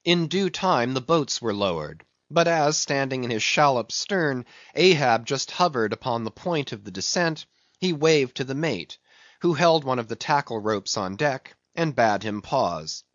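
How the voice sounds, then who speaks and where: A male narrator reads a classic novel at a slow, deliberate pace, his pitch in an average middle range. The recording is dry and close, and it sounds somewhat dull and lo-fi. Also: animated, fairly bright tone, no echo. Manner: measured, deliberate reading. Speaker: audiobook reader.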